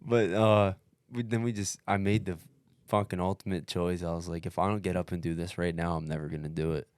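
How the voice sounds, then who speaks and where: A deep-voiced man talks fast as he relives his race for his podcast co-host role, swearing freely and mimicking what others said. Dude and bro come up again and again in the animated telling. The recording is dry and clean, studio quality.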